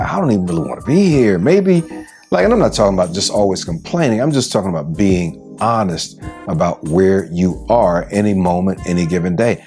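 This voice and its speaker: A man's voice: low-pitched, warm tone. A middle-aged man coaching couples in a motivational talk, preachy and casual, asking the same questions again and again. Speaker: relationship coach. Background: faint background music.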